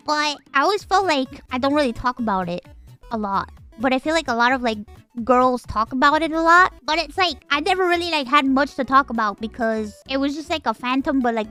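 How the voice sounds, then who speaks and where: A woman's voice: sits high, fairly quick, pushed and bright, faint music behind. A woman streamer in casual livestream chat, bubbly, jumping between squeals and mumbles.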